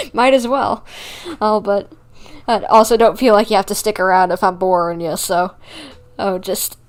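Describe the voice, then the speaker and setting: A woman's voice: medium pitch, fairly even intonation, a little slow. A woman streamer giving casual, chatty live commentary over a game, with lots of fillers and laughter.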